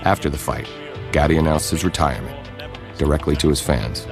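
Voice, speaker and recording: A man narrates a sports documentary in an extremely deep, low voice. His delivery is measured, scripted and dramatic. A loud music score plays under every line. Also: fairly even intonation.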